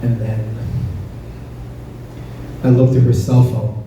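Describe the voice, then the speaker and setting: A man's voice: medium pitch, little pitch movement, slow. Man doing stand-up in an echoey club. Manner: conversational, crowd-teasing, punchy delivery. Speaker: stand-up comedian. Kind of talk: stand-up comedy set. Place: comedy club stage. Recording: roomy, distant club recording with faint noise.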